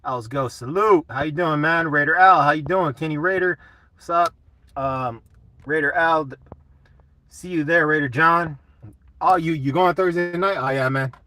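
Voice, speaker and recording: A man's voice: a little high, normal speed, bright, forceful tone. A young man hosting a casual live chat, laid-back and swearing a lot while answering comments.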